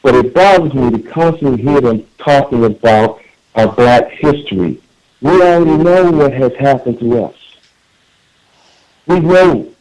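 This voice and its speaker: A man's voice: medium pitch, lively intonation, a little slow, darkish tone, low-quality recording. A man calling in to a radio talk show, speaking in an earnest, emphatic way with frequent repeated words and restarts. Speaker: caller.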